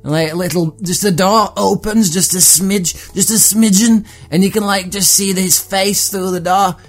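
A man's voice: high voice, steady tone, moderate pace, faint music behind. A man hosting a comedy podcast, riffing irreverently and profanely on news items. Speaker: podcast host. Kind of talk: comedic monologue reading tweets.

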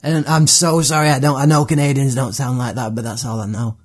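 A man's voice: medium pitch, steady tone, brisk. A man hosting a comedy podcast, riffing irreverently and profanely on news items. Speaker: podcast host. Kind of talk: comedic monologue reading tweets.

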